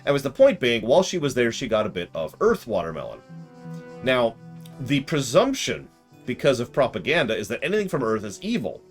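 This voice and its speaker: Animated, rambling male storyteller. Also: medium pitch, a little fast, soft background music. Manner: animated, rambling, self-correcting. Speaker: streamer retelling a game session. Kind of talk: casual storytelling.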